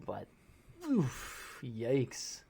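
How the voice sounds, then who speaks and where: A man's voice: medium pitch, big pitch swings, extremely slow, gravelly, dark tone, a little hiss or hum. Man chatting casually on a podcast. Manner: chatty, storytelling, joking. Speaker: podcast co-host. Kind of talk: casual chat.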